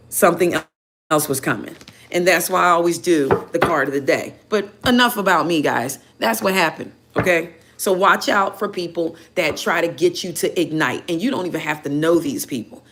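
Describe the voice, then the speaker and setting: A woman tarot reader casually telling viewers a story in an animated, chatty way, full of "you know" fillers. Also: on the low side. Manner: animated, chatty, heated when retelling.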